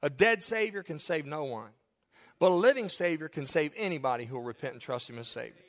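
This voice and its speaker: A man's voice: fairly high pitch, lively intonation, brisk, long reverb tail. A man preaching a sermon as pastor, emphatic with call-and-response and jokes, in a church sanctuary.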